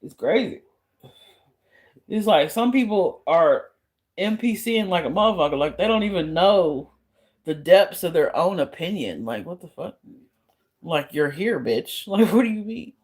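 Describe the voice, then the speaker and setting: A woman's voice: lowish voice, lively intonation, measured pace, a little mellow, slightly rough. A woman live streamer chatting casually with her viewers, blunt and profane, often breaking into laughter as she answers trolls.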